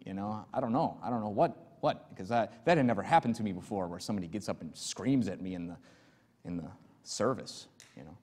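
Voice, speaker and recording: A man's voice: fairly low pitch, fairly quick, a little mellow. A male pastor preaching an earnest, emphatic sermon and telling stories to his congregation in a church sanctuary. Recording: long church hall reverb.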